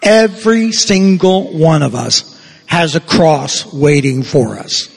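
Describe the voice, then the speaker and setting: Slow, husky older priest preaching. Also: male voice, on the high side. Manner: slow, deliberate preaching with emphatic pauses. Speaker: parish priest. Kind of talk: sermon. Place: church. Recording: long church reverb.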